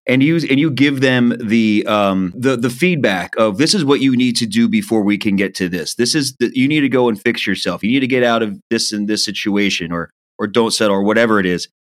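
A man's voice: lowish voice, brisk, few pauses. A man co-hosting a casual podcast chat, asking follow-up questions curiously with some hesitant restarts.

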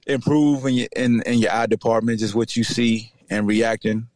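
This medium-pitched man speaks at a moderate pace with no room sound. He's a middle-aged former player from Virginia hosting a casual sports show, animated and slangy, joking and mimicking others.

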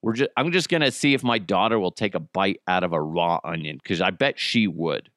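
A man talks his way through a solo comedy podcast, rambling and making jokes at his own expense. His mid-range voice is very lively and swoops up and down. The recording is dry and close. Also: low voice, brisk, no room sound. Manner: rambling, joking, self-deprecating, swears a lot. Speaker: podcast host.

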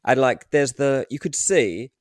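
A man's voice: mid-range voice, animated, a little slow, a little mellow, dry recording, clean studio sound. A man giving his opinions on a football podcast, rambling and opinionated. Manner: opinionated, rambling, many fillers. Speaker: transfer pundit. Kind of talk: casual football podcast chat.

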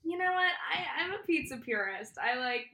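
A woman's voice: high-pitched, animated, moderate pace, bright, forceful tone. A woman hosting a casual podcast chat, teasing her guest with a giggly manner. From New York. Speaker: podcast host.

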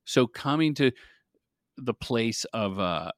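A middle-aged man, a filmmaker guest on a podcast, telling stories in an energetic, animated way. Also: mid-range voice, slow, no room sound, studio quality. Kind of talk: casual interview storytelling.

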